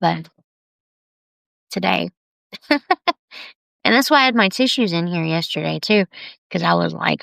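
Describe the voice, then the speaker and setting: A woman talking openly and tenderly on a live video about heavy times, unhurried and confiding. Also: on the low side, animated, gravelly, a bit bright, no room sound. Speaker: artist sharing on a live video. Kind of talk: candid personal live stream.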